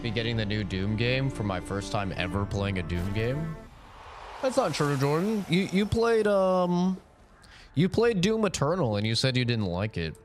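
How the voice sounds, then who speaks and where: A man's voice: mid-range voice, very animated, moderate pace, over music. A young man streaming a game from his home setup, chatting casually and rambling to his chat between fights. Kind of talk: casual live-stream commentary.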